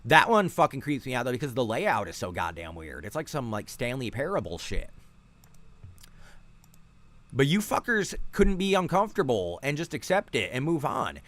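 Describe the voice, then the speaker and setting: Brief: irritated podcast host, foul-mouthed, casual, pitch jumping all over. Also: male voice, very animated, normal speed, fairly bright tone. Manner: profane, irritated ranting. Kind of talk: casual ranting commentary.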